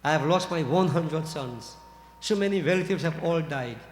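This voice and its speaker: A man's voice: fairly high pitch, moderate pace, slight background noise, lightly acted. A man voicing a grave cursing queen. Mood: bitter. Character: bereaved vengeful queen, mother of hundred sons. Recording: echoey hall reverb.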